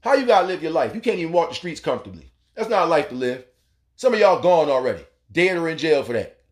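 A man with a slightly high voice hosts a talk radio show, talking straight to his listeners in a loose, animated monologue. He swears freely and slips into the voices of the people he quotes to make his points. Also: fast. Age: adult, has a son.

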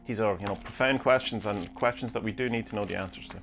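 A man's voice: fairly low pitch, fast talker, few pauses, fairly bright tone, faint music behind. A man hosting a podcast, musing aloud through listener questions in a rambling way with many hesitations. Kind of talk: casual chat reading omens from books.

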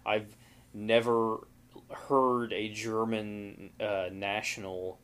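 Low-voiced man rambling with lots of fillers. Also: level tone, extremely slow, a bit bright, smooth. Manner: rambling, heavy use of filler "like". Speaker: podcast co-host. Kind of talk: casual chat.

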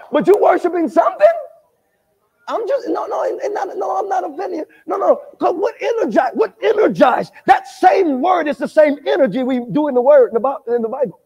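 A man preaching at a Bible study, animated, quizzing the congregation and rising to shouts. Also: very high-pitched, fairly quick, long reverb tail. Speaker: pastor. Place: church sanctuary.

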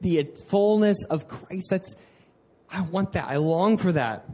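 A young man preaches in a relaxed, conversational way, full of earnest asides. His voice sits a little high but sounds warm and mellow. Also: unhurried. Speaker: pastor. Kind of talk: sermon.

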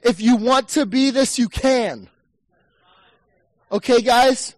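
A man preaching a sermon in a church, animated and rising to shouts as he acts out a listener's inner voice. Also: very high voice, takes it slowly, dry recording, poor audio. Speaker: pastor.

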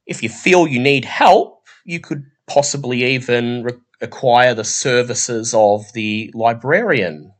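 A man narrating a tabletop horror game as game master, in a measured, descriptive way. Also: mid-range voice.

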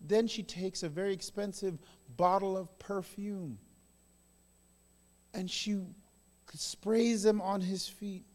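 High-voiced male preacher in a big hall. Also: fairly even intonation, slow, long pauses. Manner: swings between loud emphatic bursts and soft hushed phrases. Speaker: pastor. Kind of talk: sermon. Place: large church hall. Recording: long reverb in a large hall.

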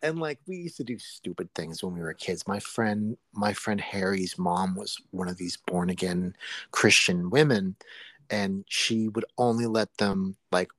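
A man co-hosting a casual podcast chat, animated and laughing, acting out quotes in a raised voice. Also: sits low, unhurried, no echo. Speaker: podcast co-host.

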